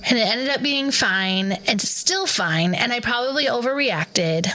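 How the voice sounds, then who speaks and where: A woman's voice: a little high, lively intonation, a little slow, sharp tone, rough recording. A woman in her thirties, a podcast co-host, animatedly retelling a story in casual chat and acting out the quoted voices.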